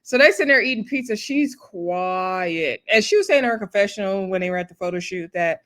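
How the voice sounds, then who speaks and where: A woman's voice: mid-range voice, lively intonation, brisk, a bit bright. A woman hosting a casual, chatty recap of a reality TV episode, talking in a laid-back way with laughing asides and lots of fillers.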